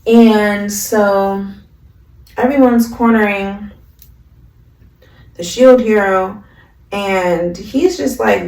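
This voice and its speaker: A woman's voice: medium pitch, extremely slow, pauses often, a little mellow, distant mic. A woman vlogger in a slangy, chatty casual recap of an anime, recorded in an echoey room. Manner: slangy, chatty, lots of fillers.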